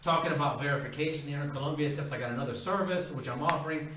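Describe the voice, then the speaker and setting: A man's voice: fairly high pitch, rapid-fire, echoey room, far from the mic, background noise. A man giving blunt, emphatic, profane dating advice in a casual monologue, repeating his points. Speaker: dating-tips vlogger.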